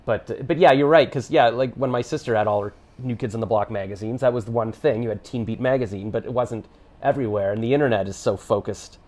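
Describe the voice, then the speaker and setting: Rambling fast-talking host in his fifties. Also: mid-range voice, a little mellow. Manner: rambling, trailing off, full of fillers. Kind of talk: casual interview chat.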